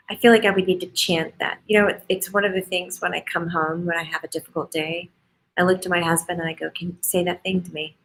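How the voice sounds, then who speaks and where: A woman's voice: on the low side, flat delivery, fairly quick, a bit bright, rough recording. A woman hosting a casual interview, gushing and effusive as she talks. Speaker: host.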